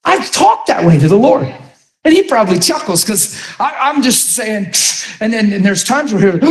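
A man's voice: sits high, sing-song, measured pace. A man preaching in a conversational sermon, earnest and rambling, laughing often as he tells stories. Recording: echoey room.

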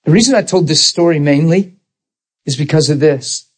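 A man preaching, telling a personal story in an earnest, animated way and acting out the dialogue. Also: a little high, normal speed, slightly rough, poor audio. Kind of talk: storytelling sermon.

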